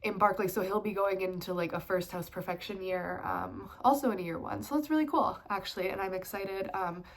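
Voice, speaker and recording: A woman's voice: medium pitch, brisk, hardly any pauses. A woman in her twenties with a stuffed-up nose from a cold, talking casually about tarot and astrology in a rambling vlog with many fillers. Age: 20s. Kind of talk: casual spiritual vlog talk.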